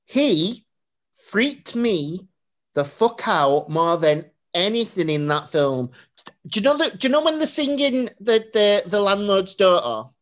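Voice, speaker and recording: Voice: medium pitch, big pitch swings, a little slow. A podcast co-host, chatting casually about a film, rambling with lots of fillers. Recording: dull lo-fi recording.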